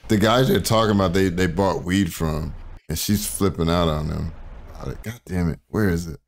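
A man's voice: sits low, moderate pace. A man hosting a casual reaction stream who rambles, laughs and curses while hunting through clips. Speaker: streamer host.

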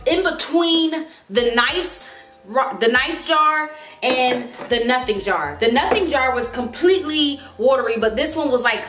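A woman's voice: sits high, fairly bright tone. A woman talking casually to camera in a vlog, chatty and dramatic. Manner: chatty and dramatic, squeals and laughs. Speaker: vlogger. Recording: echoey room with background music.

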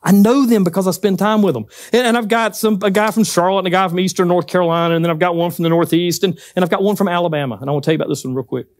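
High-voiced Southern preacher, folksy and emphatic. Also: male voice, rapid-fire, hardly any pauses, no echo. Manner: folksy, emphatic, joking asides. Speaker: guest speaker at church. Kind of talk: conversational sermon. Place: church hall.

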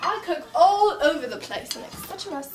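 A woman's voice: very high voice, lively intonation, moderate pace. A young woman chatting casually and giggling as she films a home vlog on a handheld camera. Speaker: vlogger. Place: home kitchen and living room.

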